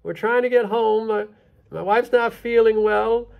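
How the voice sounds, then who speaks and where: A man's voice: high voice, steady tone, a little slow, creaky, narrow, tinny audio, pitched above the performer's own voice. A man voicing a nervous male traveler who pleads in a raised voice. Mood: panicky.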